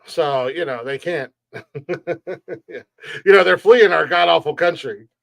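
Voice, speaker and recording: A man's voice: a little high, unhurried, gravelly, fairly bright tone, dry recording. A man hosting a comedy podcast, ranting in a brash, profane, joking way. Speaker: podcast host. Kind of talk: casual comedy podcast chat.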